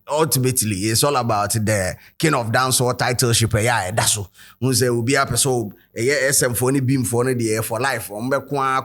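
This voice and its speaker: A man's voice: mid-range voice, a bit bright. A man with a Ghanaian accent hosting a commentary video, switching between English and Twi and reading quotes aloud. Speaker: host.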